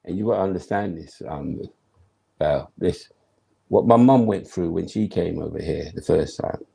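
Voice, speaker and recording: The retired footballer has a warm, low-pitched voice with vocal fry and a touch of roughness, moving at normal speed. Slangy and emphatic, he acts out what he was thinking while telling lively stories as an interview guest.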